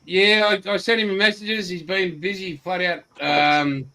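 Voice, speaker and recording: A man's voice: sits high, fairly even intonation, measured pace, background noise. A man hosting a casual group video chat, joking and teasing the others. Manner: joking, swearing, bursts into loud shouts. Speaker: co-host of a modelling video chat.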